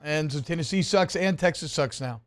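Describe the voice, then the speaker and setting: A man's voice: a little high, normal speed, soft background music. Brash joking male sports radio host. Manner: brash, joking, trash-talking. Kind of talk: casual sports talk banter.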